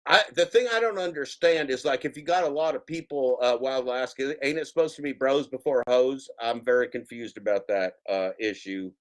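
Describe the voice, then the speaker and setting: A man's voice: mid-range voice, brisk, hardly any pauses. A man hosting a casual reaction stream, commenting on clips with playful, jokey mock warnings to his viewers.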